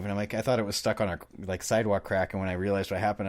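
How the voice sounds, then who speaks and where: A man's voice: lowish voice, little pitch movement, racing. A man in his thirties co-hosting a casual podcast, rambling and self-deprecating, laughing often. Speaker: podcast co-host. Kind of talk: casual chat.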